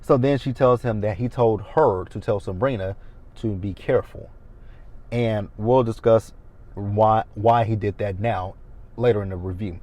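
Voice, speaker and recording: A man in his thirties recaps a TV episode as a recap host, casual, blunt and opinionated. His voice is on the low side, unhurried and dark.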